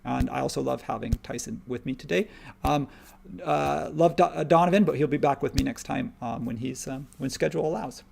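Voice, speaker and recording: Chatty male tutorial host, rambles while working, gravelly texture. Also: mid-range voice, brisk, darkish tone, slight background noise. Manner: rambling, upbeat, thinks aloud while working. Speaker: live stream host and modeling instructor. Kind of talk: live software tutorial, casual and chatty.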